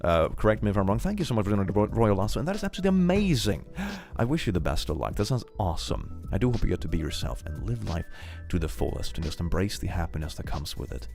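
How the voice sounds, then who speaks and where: A man's voice: very animated, fast, gravelly, a little mellow, soft background music. Bubbly, giggly young man streaming. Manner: bubbly, giggly, swoops into high squeals. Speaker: streamer reading donations. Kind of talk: casual livestream chat.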